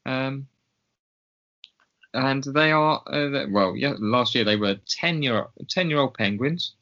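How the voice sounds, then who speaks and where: A man's voice: mid-range voice, expressive, takes it slowly, sharp tone. A man co-hosting a podcast in casual chat, talking in a chatty, hesitant way with many ums. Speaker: podcast co-host. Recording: slightly dull lo-fi sound.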